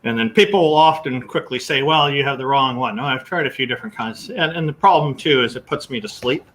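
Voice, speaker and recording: A man's voice: on the high side, lively intonation, quick pace, vocal fry, a bit bright, poor audio. A man in casual chat, explaining his views earnestly and at length.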